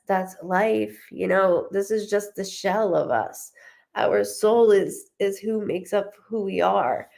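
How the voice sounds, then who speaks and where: A young woman with a mid-range voice and vocal fry gives a live reading as a medium. She's chatty and animated, laughs often, and passes along what she hears by quoting the spirit in a lively way.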